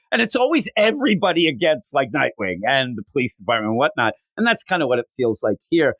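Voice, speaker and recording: A man's voice: fairly high pitch, dry recording. A man co-hosting a comic book podcast in a rambling, casual chat that is full of swearing. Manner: rambling, swears a lot, lively. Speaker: podcast co-host.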